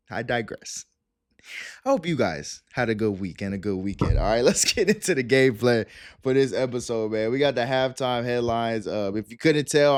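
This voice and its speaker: A man's voice: medium pitch, dry recording, studio quality. Fired-up, cursing young man ranting. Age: 20s. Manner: profane, fired-up, animated ranting. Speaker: sports show host. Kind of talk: casual sports rant.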